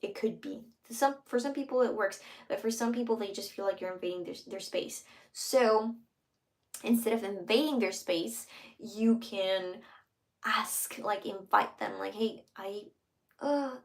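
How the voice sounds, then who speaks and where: A woman giving casual relationship advice, earnest, sometimes acting out soft whispered example lines. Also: medium pitch, measured pace. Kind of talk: casual advice talk to camera.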